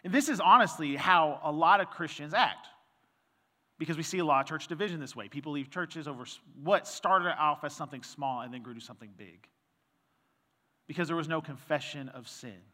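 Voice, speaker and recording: Bright-voiced pastor preaching in a reverberant hall. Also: male voice, a little high, brisk. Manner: conversational, storytelling with quoted dialogue and scripture reading. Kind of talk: sermon.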